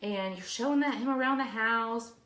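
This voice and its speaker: A woman's voice: a little high, moderate pace, echoey room. A woman co-hosting a casual chat show, telling embarrassing stories and acting out the scenes as she goes. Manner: animated storyteller, acts out scenes. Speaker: podcast co-host.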